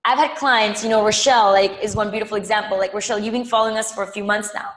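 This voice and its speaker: A woman's voice: mid-range voice, steady tone, fast talker. Emphatic woman coaching live, echoey room. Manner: emphatic, repeats phrases for effect; addresses viewers directly by name. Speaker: money mindset coach.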